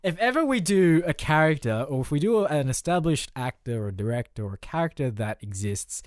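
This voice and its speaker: A man co-hosting a podcast in casual comedic chat, playful and quick to agree, laughing often. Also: fairly high pitch, lively intonation, dry recording, studio quality. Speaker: podcast co-host.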